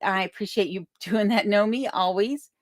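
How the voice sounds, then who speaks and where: At a normal speed and medium pitch, a livestream host reads out viewer comments and thanks people in a casual, chatty way from a remote home in Alaska. The desk microphone on a boom arm captures her at studio quality, with no echo.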